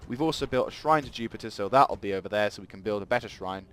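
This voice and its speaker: A man's voice: fairly low pitch, quick pace, noisy background. A man giving rambling let's play commentary at a desk mic, thinking aloud as he plays. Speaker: gaming channel host.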